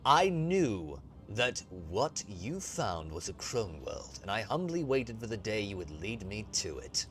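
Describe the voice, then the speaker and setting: A man voicing an ancient alien Harlequin mystic in a low, hushed, grave voice, reading a game aloud. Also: very animated, unhurried, hardly any pauses, slight background noise.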